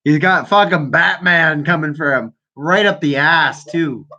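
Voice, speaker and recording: A young man from Canada talks over the phone as a call-in host. His voice is bright and forceful, and it sits a bit high. He jeers and swears freely. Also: measured pace, muffled recording. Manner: brash, mocking, swears a lot. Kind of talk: profane casual chat. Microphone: telephone.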